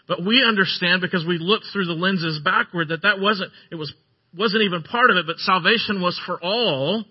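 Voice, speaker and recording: A man's voice: sits high, normal speed, husky. A male pastor giving a sermon, earnest and emphatic, repeating phrases to drive points home. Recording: dull lo-fi sermon recording.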